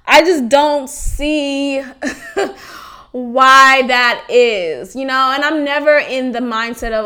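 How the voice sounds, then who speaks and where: A woman's voice: high-pitched, slow pace, bright, forceful tone. A young woman from Haiti hosting a podcast, talking frankly and animatedly about her life, laughing often and swearing freely. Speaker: podcast host. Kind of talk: candid personal podcast monologue.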